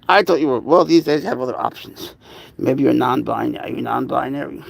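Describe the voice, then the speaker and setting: A man with a rough, gravelly voice hosts a casual livestream, talking over his plans with viewers. His pitch sits in the middle of the male range. Now and then he slips into soft, cooing baby talk aimed at cats. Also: fairly quick. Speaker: livestream host.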